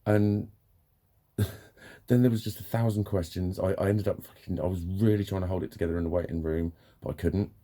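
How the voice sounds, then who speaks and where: A man's voice: deep voice, fairly even intonation, normal speed, warm tone. A man venting in a ranting personal vlog, swearing often and sounding exasperated. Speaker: vlogger.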